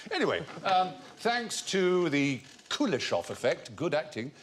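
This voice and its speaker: Male panel-show host with a lively, sing-song delivery and faint background noise. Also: a little high, measured pace. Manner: lively, wordy, playfully pompous. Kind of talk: panel show banter and explanation. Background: studio audience laughter.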